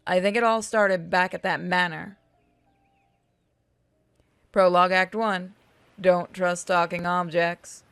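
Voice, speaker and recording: A woman's voice: on the low side, steady tone, slow pace, long pauses, a bit bright, clean tone, dry recording, faint music behind. A woman reading and narrating a game aloud, with joking, swearing, self-mocking asides.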